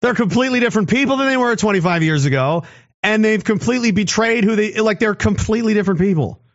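A man's voice: sits high, lively intonation, quick pace, highs cut off. A man in his thirties in a rambling, sarcastic casual monologue, swearing and laughing often. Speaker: commentator.

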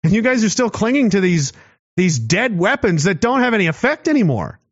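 A man's voice: big pitch swings, a little fast, dry recording. Combative ranting man, dull dry sound. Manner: combative, sarcastic, swings from low mutter to raised voice. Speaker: commentary show host. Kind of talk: ranting monologue to camera.

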